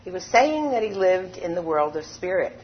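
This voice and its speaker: A woman preaching a sermon, emphatic and unhurried, leaning on key words and repeating them. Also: lowish voice, a little hiss or hum. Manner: slow, emphatic preaching with lively rises and falls. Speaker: spiritual teacher. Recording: dull lo-fi recording.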